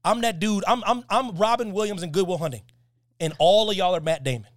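A man's voice: high voice, brisk. A man hosting a podcast, talking in a casual, emphatic and slangy way, repeating his points. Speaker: podcast host.

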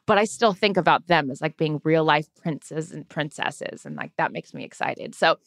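A woman co-hosting a podcast, chatting casually and telling a long story with lively asides. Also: sits low, moderate pace, no room sound, studio quality. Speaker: podcast co-host. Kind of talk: casual chat.

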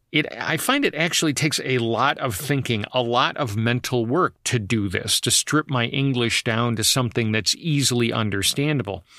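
A man's voice: mid-range voice, bright, forceful tone, dry recording, clean studio sound. A man hosting a solo travel podcast, telling stories in a conversational way with frequent asides. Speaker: podcast host.

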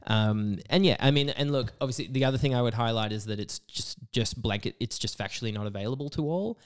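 Australian male podcast co-host, rapid and lively delivery. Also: medium pitch, smooth. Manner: animated, mimics others in quick asides. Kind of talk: casual chat.

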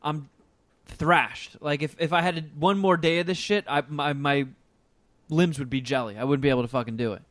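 Profane rambling man, raised pitch. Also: steady tone, moderate pace, fairly bright tone, dry recording. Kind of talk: casual chat.

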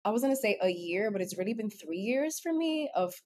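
A woman's voice: medium pitch, animated, fairly quick, a little mellow, a little hiss or hum. A woman in her thirties, co-hosting a podcast, talking in a heartfelt, emotional, rambling way with many fillers. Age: 30s. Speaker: podcast co-host. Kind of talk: casual chat.

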